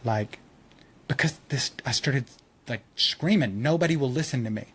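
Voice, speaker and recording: Male podcast host, casual and animated, voices others in his stories, mid-range pitch. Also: normal speed, breathy edge. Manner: animated storyteller, acts out quotes, laughs often. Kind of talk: casual chat.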